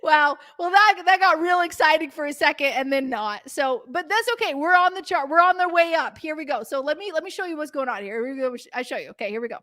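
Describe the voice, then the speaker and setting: High-pitched, chatty woman hosting a live stream. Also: fast talker, few pauses, a bit bright. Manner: bubbly, chatty, full of fillers. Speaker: host of a live stream for preschool owners. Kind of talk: casual live-stream chat.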